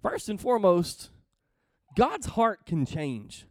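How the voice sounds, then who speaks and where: Slow and very animated, this man speaks with a high, darkish voice and no room sound. In a conversational Bible lesson he reads verses aloud and explains them emphatically, frequently asking his listeners questions to check in.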